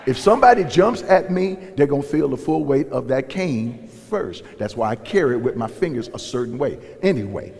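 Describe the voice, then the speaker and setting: A man's voice: mid-range voice, sing-song, normal speed, vocal fry, hardly any pauses, darkish tone. A man, a pastor, preaching in a folksy storytelling way and acting out dialogue in raised voices. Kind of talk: sermon storytelling. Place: church sanctuary. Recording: long reverb in a large hall.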